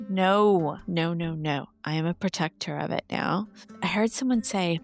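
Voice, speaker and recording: A woman's voice: fairly low pitch, unhurried, faint music behind. A woman hosting a podcast, telling personal stories in a theatrical, self-mocking way with playful asides. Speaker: podcast host. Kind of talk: personal storytelling monologue.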